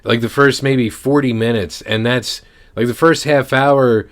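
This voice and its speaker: Podcast guy, mid pitch, rambles and restarts a lot, chill. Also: steady tone, unhurried. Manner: rambling storyteller, many restarts. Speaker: podcast co-host. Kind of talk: casual chat.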